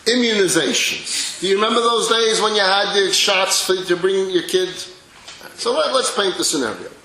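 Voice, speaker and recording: A man, a rabbi, gives a religious lecture with dramatic storytelling, sometimes dropping to soft, intimate tones. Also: sits high, lively intonation, moderate pace, vocal fry. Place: lecture hall with an audience. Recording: echoey lecture hall.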